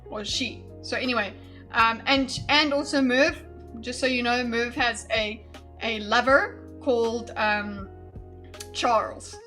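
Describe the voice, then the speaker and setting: A woman's voice: a little high, measured pace, pushed and bright, faint music behind. A woman chatting casually as she reacts to clips on a live stream, giggly and easily amused.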